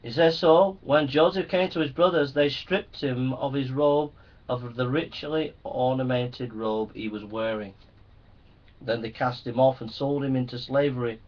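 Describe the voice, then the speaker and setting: A man preaching a sermon with impassioned repetition, swinging between loud declarations and hushed passages. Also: medium pitch, measured pace. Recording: muffled, distant lo-fi recording.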